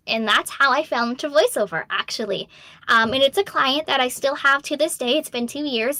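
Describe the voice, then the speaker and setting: Bright-voiced young woman voice actor, chatty. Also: fairly high pitch, no room sound. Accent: slight Boston. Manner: chatty and candid, reads questions aloud, frequent ums and laughs. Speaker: voice actor answering fan questions. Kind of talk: casual Q&A stream.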